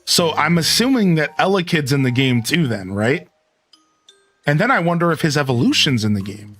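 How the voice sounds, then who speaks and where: A man's voice: fairly high pitch, big pitch swings, moderate pace, fairly bright tone, soft background music. A man casually commentating a game stream, greeting chat and humming along. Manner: laid-back, says dude, greets chat, hums along. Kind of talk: casual let's play commentary.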